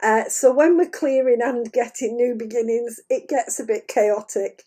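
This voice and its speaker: Her voice is fairly high and dark-toned, with fairly even intonation, normal speed, and hardly any pauses. She's an intuitive medium live streaming from a room of her own paintings, giving meandering, unscripted spiritual talk to camera, with many "uh"s and frequent laughter.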